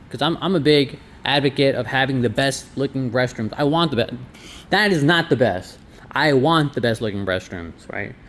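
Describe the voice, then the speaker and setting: Man, chatty laundromat owner vlog, wry sarcastic asides, light background noise. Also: mid-range voice. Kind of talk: casual vlog walkthrough. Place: inside a laundromat.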